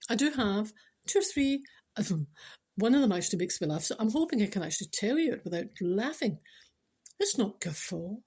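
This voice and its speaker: A woman's voice: on the high side, a little mellow, husky. A Scottish woman hosting a chatty podcast, teasing and speaking straight to her listeners, sometimes dropping to a whisper. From Scotland. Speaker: podcast host.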